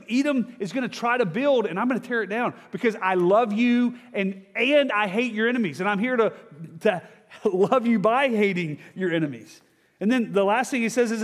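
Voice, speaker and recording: A man preaches a sermon with a high-pitched voice. He talks to the congregation like a friend, climbing for emphatic lines and sinking to soft, low asides. The sound carries a long hall echo. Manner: conversational preaching, frequent "right?" and "okay?" asides. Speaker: pastor.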